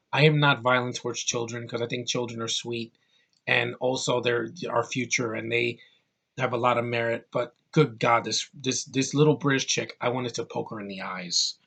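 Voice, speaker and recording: A man's voice: medium pitch, a bit bright. A man giving an angry, profane film review, full of sarcastic asides. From United States. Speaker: movie reviewer.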